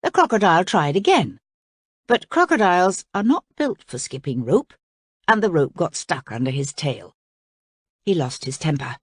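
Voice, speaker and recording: A woman reading a children's story aloud in an expressive, lively way. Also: lowish voice, normal speed, breathy edge, no room sound, studio quality. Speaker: storybook reader.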